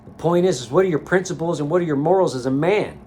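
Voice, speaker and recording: A man with a somewhat high voice delivers a blunt, heavily profane motivational rant. He talks to camera like a life coach vlogger, recorded in a sauna. A faint ambient hum sits behind him. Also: quick pace, darkish tone.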